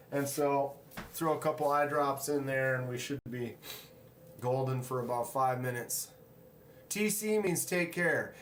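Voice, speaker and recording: In a roomy, echoey space, a livestream host chats casually, reading out viewer comments and saying hello to people in the chat. His voice is a little high, and there's slight background noise.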